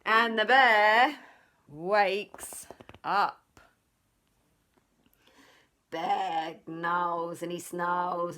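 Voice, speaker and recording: A woman teacher reading a children's storybook aloud, expressive and sing-song. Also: fairly low pitch.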